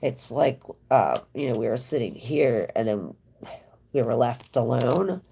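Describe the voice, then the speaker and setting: A woman hosts a relaxed live tarot reading, her voice very deep and rough with creaky fry. She talks slowly and chattily, reading out viewer comments and answering each one as she draws cards. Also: a little hiss or hum. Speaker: tarot reader.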